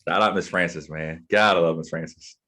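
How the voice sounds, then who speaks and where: A man's voice: low voice, fairly even intonation, fairly quick, sharp tone. A young man, a podcast host from the Eastern Shore, chatting in a laid-back, slangy way and often repeating words. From Eastern Shore, USA. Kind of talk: casual chat.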